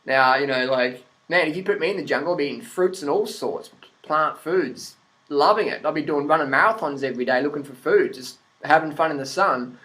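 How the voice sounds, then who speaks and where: A man with a high-pitched voice and an Australian accent rants straight to camera in a casual vlog. He is blunt and sarcastic, swears freely and laughs often. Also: fairly quick, pushed and bright, low-quality recording. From Adelaide, South Australia. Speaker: vlogger. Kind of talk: profane rant-style commentary.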